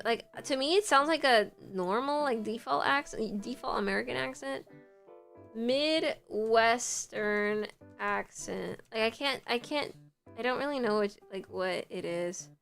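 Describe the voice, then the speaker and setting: A woman's voice: high voice, a bit bright. Rambling young-sounding woman streamer. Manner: rambling, filler-heavy, reacting to a video. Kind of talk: casual live-stream chat.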